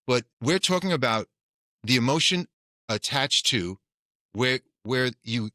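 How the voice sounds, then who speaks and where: A man's voice: medium pitch, expressive, unhurried, pushed and bright, dry recording, studio quality. A man hosting a podcast, talking in a casual, rambling conversational way. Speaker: podcast host. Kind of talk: casual interview chat.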